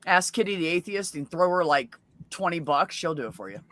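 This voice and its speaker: A woman's voice: on the low side, a little fast. A woman hosting a casual stream chat and telling rowdy, profane stories from her childhood. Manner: profane, animated storyteller. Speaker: stream host.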